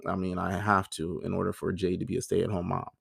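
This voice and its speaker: A man's voice: sits low, completely flat delivery, a little fast, vocal fry, slightly rough, no echo, clean studio sound. A man in his thirties hosting a personal monologue, talking in an emotional, frank way and swearing freely. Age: 30s. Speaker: podcast host.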